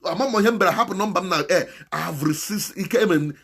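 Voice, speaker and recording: A man's voice: very fast, breathy edge. Impassioned man with an Igbo accent. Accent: Nigerian Igbo. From Nigeria. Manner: impassioned and moralizing, swinging between loud exhortation and low pleading. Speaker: channel host. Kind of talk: preachy monologue, Igbo mixed with English.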